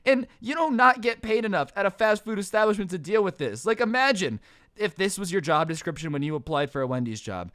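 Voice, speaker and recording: A man's voice: high voice, very animated, fairly quick, a bit bright, no room sound, clean studio sound. A young man telling a comedic storytime about customer service jobs in a sarcastic, exasperated rant. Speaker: storytime vlogger.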